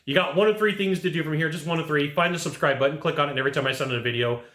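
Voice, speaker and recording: A man delivers a sales training monologue in a punchy, animated way, acting out customer back-and-forth as he goes. His voice is bright and sits a bit high. The room around him is echoey. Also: racing.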